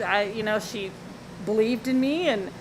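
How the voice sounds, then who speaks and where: Chatty woman guest with a high voice. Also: normal speed, slight background noise, rough recording. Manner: chatty, emotional storyteller. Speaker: guest, food truck owner. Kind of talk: casual interview chat.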